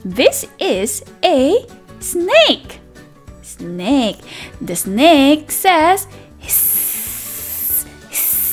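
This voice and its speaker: A woman's voice: high-pitched, very animated, drawn-out words, faint music behind. A young woman teacher reading a picture book aloud to toddlers, in a sing-song, exaggerated way with gasps and questions for the child. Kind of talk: read-aloud lesson for toddlers.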